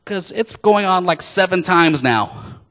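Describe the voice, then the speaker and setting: A man's voice: high-pitched, lively intonation, unhurried, fairly bright tone, big-room sound, pitched above the performer's own voice. A man voicing an exasperated disciple asking how often he must forgive. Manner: complaining, rising.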